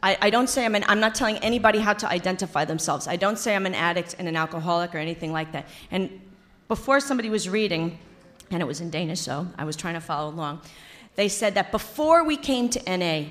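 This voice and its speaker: A woman's voice: on the low side, animated, fast talker, a bit bright. An older woman telling her recovery story at a meeting, blunt and profane, joking as she goes. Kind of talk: personal testimony to a meeting.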